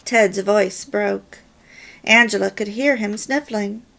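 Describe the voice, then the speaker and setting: Slow, gravelly woman reading a story. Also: medium pitch, a bit bright. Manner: deliberate, measured reading. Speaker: reader of a homemaking course.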